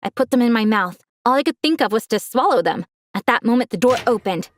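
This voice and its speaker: A woman's voice: on the high side, lively intonation, a little fast, slight background noise. A young woman telling a dramatic first-person story, gasping now and then for effect.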